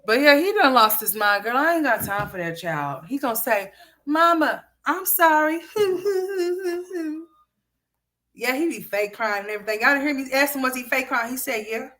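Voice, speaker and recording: A woman's voice: a little high, fast, hardly any pauses, sharp tone. A woman hosting a casual livestream, chatting with viewers and turning to talk to her son at home. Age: adult parent. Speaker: livestream host.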